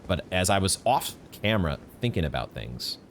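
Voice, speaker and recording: A man's voice: deep voice, very animated, moderate pace, slight background noise. A man streaming a blind playthrough of a video game, chatting and musing aloud in a playful way. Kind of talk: live gameplay commentary. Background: game music.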